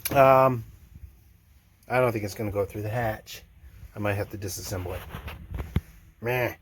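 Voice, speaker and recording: With slight background noise, a lowish male voice at normal speed belongs to an older boat owner refitting his motor inside a sailboat cabin. He narrates his own engine work casually, in a dry, self-mocking tone with plenty of fillers.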